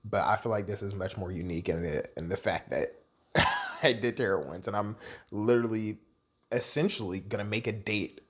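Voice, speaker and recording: A man's voice: on the low side, moderate pace, fairly bright tone, breathy edge. A young adult man vlogging in a candid, rambling, self-deprecating way. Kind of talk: casual personal vlog monologue.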